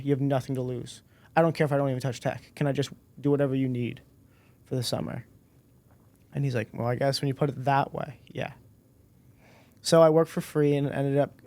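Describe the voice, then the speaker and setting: A man in his twenties, a podcast guest, telling a personal story in a relaxed way and acting out the dialogue. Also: medium pitch. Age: 20s. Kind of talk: casual storytelling interview.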